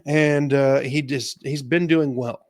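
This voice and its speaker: A man co-hosting a sports podcast in a relaxed, chatty way, laughing easily as he goes through stats. His voice sits at an ordinary pitch. The recording is dry and close. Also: slow pace, no echo. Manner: relaxed, laughs often, stats-heavy rundown. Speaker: podcast co-host. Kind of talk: casual sports chat.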